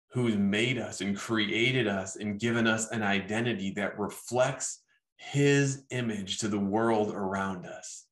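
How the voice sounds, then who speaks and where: A man hosting a devotional podcast, telling a story and praying in an earnest, encouraging way. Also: lowish voice. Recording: roomy echo.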